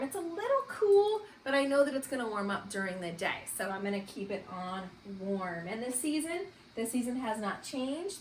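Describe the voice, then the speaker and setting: A woman teaching a kindergarten morning meeting over distance learning, with a bright sing-song manner and frequent praise. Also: fairly high pitch, reverberant, a little hiss or hum. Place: home.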